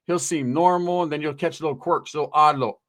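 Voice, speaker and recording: A man's voice: a little high, steady tone, fast, fairly bright tone. A middle-aged man from Northern California hosting casual street commentary, rambling in profane, streetwise slang. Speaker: host, commentator.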